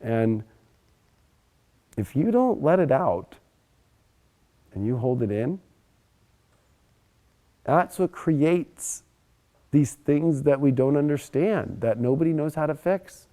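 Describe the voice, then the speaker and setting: A young adult man giving a casual, animated astrology monologue, emphatic and often swearing. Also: fairly high pitch, takes it slowly, pauses often. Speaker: astrology presenter.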